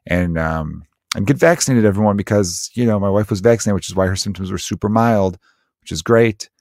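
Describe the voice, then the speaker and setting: A man who is a comedian hosting his own podcast, telling stories in an animated, profane way with frequent laughter. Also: fairly low pitch, fairly quick, no room sound, studio quality. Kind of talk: casual comedic podcast monologue.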